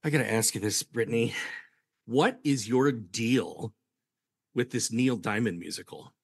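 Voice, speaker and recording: A man hosting a podcast in casual chat, an animated storyteller who acts out the people in his stories. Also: mid-range voice, unhurried, gravelly, breathy edge, no room sound, studio quality. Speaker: podcast host.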